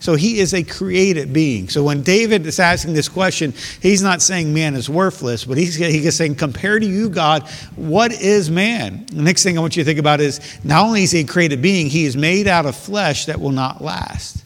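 Male pastor, earnest sermon delivery, slightly raised pitch, long hall reverb. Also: normal speed, few pauses. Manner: earnest, explanatory preaching with rhetorical questions. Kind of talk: sermon with scripture reading.

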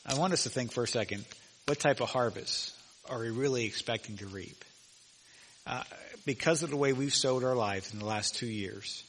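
A male pastor preaching a sermon with emphasis, slowing down when he reads scripture aloud. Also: medium pitch, a bit bright. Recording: long reverb of a large hall.

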